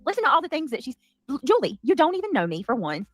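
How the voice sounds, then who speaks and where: A woman hosting a heated livestream, talking fast and defensively with many restarts. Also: high voice, huge pitch swings, dry recording, soft background music. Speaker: livestream commentary host. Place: home.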